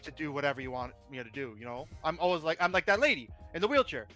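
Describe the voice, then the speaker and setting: A man's voice: on the high side, sing-song, fast talker, a bit bright, faint music behind. Direction: a rambling, self-mocking streamer guy. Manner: rambling, reads chat aloud, self-deprecating. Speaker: streamer and model kit builder, guest. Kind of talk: casual livestream chat.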